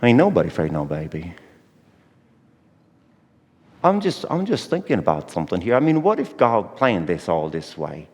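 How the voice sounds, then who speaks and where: A man's voice: low-pitched, very animated, normal speed, pauses often, darkish tone. An actor playing Joseph as a folksy, anxious young father, drawling with country grammar, in a church Christmas monologue. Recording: echoey church hall.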